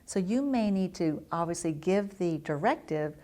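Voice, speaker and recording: In a lowish, mellow and expressive voice at a normal pace, a middle-aged family therapist teaches parents. She is earnest and explanatory, and she performs the children's lines she quotes.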